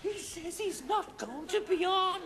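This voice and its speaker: Chuckly old patient, really high gravelly voice, slow, noisy old sitcom audio. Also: male voice, expressive, heavily acted. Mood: cheery. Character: cheery old working-class male patient.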